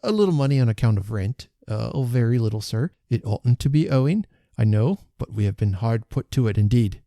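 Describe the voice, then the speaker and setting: A man's voice: mid-range voice, animated, fairly quick, dark tone, no room sound, studio quality, natural voice. A man voicing a poor, nervous old porter who stammers meekly, raised well above his own voice, in a storybook reading. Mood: pleading. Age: older. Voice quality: stammering, meek.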